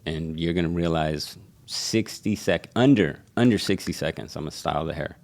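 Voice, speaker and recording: A man's voice: deep voice, moderate pace, creaky, a little mellow. A man, a barber, telling stories in a casual podcast conversation and acting out the voices of people he quotes.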